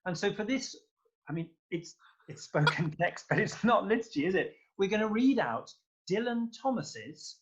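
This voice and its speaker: A man with a fairly high voice talks eagerly and at length, gushing and piling on fillers as he goes. His voice comes through a dull, lo-fi call line. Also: sing-song, moderate pace, background noise. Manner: enthusiastic, effusive, rambling with fillers. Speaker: guest conductor. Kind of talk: casual interview chat.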